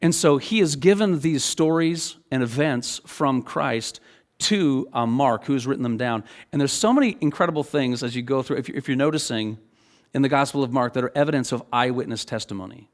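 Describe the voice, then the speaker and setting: A middle-aged man preaching a sermon as pastor, talking in a loose, animated, conversational way and often checking in with "okay?". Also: mid-range voice, fairly quick.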